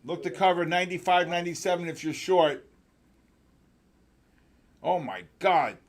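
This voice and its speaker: A man hosting a live trading session, talking fast and excitedly with sudden loud exclamations. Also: sits high, crowd noise. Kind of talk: live trading room commentary.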